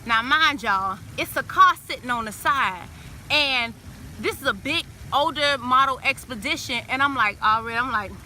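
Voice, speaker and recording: A woman telling a story in a casual, animated way, acting out the lines of the people in it. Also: high-pitched, normal speed, slight background noise. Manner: animated, acts out friends' quoted lines.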